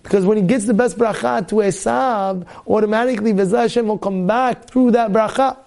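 This rabbi giving a Torah class has a high, creaky voice with a darkish tone and speaks fairly quickly. He is impassioned and repetitive, acting out the voices and dialogue in his stories.

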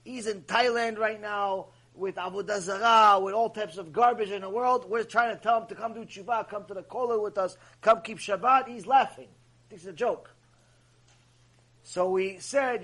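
A man, a rabbi, giving a Torah ethics lecture as an animated story, using Hebrew terms along the way. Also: sits high, normal speed.

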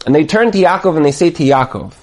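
A man teaching a Torah class, telling stories and acting out the people in them. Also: fast talker. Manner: animated storyteller, jumps high to act out quoted voices. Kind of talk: lively Torah class with acted-out scenarios.

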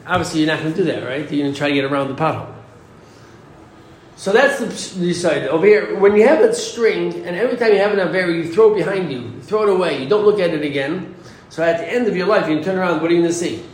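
A man with a somewhat high voice teaches an informal Torah class. He talks conversationally and keeps posing rhetorical questions. The recording is roomy, with faint ambience behind him. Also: fast talker, slight background noise. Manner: conversational, asks rhetorical questions, restarts sentences.

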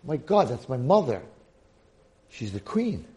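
A man's voice: mid-range voice, sing-song, a little slow, warm tone. A man voicing a desperate young male kitchen slave who pleads and scoffs in disbelief. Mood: pleading.

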